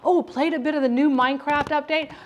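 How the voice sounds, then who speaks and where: A woman's voice: high voice, fairly even intonation, brisk, highs cut off, slight background noise. A middle-aged woman chatting casually with her live-stream viewers as she cooks in her home kitchen, rambling with frequent restarts. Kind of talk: casual live-stream chat while cooking.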